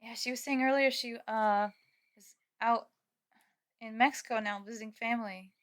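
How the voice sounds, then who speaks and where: A woman's voice: fairly high pitch, fairly even intonation, normal speed. A young woman live-streaming from home, chatting casually with viewers and laughing often. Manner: giggly, chatty, reads chat aloud.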